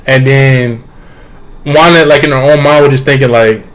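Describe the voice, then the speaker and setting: A young man talks through a show recap in a loose, rambling way, full of slang and hype. His voice sits at an ordinary middle pitch for a man, and his delivery is casual. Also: steady tone, normal speed. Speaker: vlogger.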